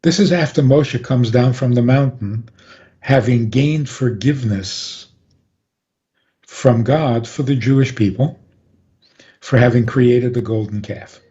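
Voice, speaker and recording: A man, a rabbi, calmly explaining on a radio talk program and chuckling often. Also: mid-range voice, measured pace, pauses often. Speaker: rabbi guest. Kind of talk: radio interview, Torah teaching. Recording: dull lo-fi radio audio.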